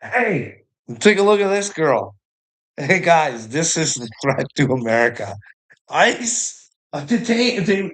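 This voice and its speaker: A man with a slightly raised voice rants through news headlines and swears constantly. His sarcasm is biting, and his sentences often trail off into low, muttered asides. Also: a bit bright. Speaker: commentator reacting to news headlines. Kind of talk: profane ranting commentary.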